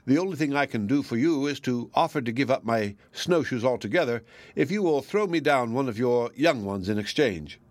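A man voicing a sly, scheming male fox, smooth and falsely regretful. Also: mid-range voice, expressive, brisk, dry recording, lightly acted.

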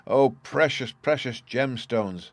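A man reading aloud as a half-mad, greedy prince who gloats over his jewels, pitched higher and louder than his narration. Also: a little slow, dry recording, close to an everyday voice. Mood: gloating. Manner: gloating, faltering.

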